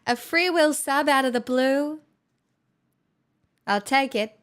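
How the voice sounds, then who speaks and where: A woman's voice: high voice, slow, a bit bright. A woman streamer chatting casually with her viewers, playful, giggly and teasing. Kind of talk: casual chat.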